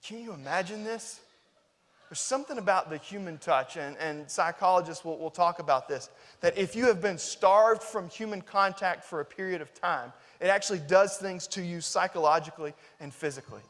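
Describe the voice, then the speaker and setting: A man preaching a sermon, swinging between loud, emphatic stretches and hushed, tender ones. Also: sits high, normal speed. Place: church sanctuary. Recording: reverberant church hall.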